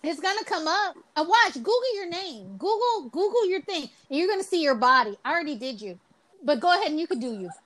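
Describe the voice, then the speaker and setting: A woman's voice: extremely high pitch, very animated, a little fast, fairly bright tone, low-quality recording. A woman hosting a podcast in casual chat, teasing her co-hosts and laughing often. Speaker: podcast host.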